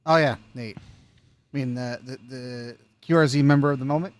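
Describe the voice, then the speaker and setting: A man co-hosting a ham radio live stream, trading quick teasing quips. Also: medium pitch, steady tone. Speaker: co-host. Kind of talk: casual live-stream banter.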